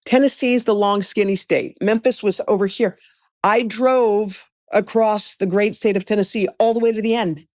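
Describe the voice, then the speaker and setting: A middle-aged woman from the United States, a guest telling a story in conversation, animated and acting out the people in it. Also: medium pitch, normal speed, dry recording, clean studio sound.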